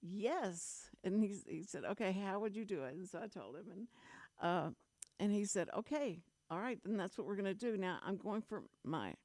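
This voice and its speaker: Clean studio sound with no room tone captures a mid-range, expressive, darkish female voice speaking a little fast. The middle-aged Texan radio host spins rambling stories in casual on-air chat, often restarting as she goes.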